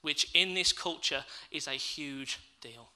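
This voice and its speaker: A man's voice: a little high, takes it slowly, pushed and bright, poor audio. A man preaching a sermon, reading scripture and then reflecting aloud and asking his listeners questions.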